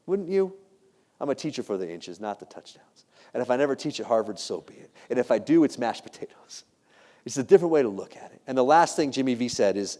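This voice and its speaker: Animated man giving a joking keynote. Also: mid-range voice, brisk. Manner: animated, jokey, laughs at his own stories. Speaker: keynote speaker. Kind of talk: motivational keynote speech.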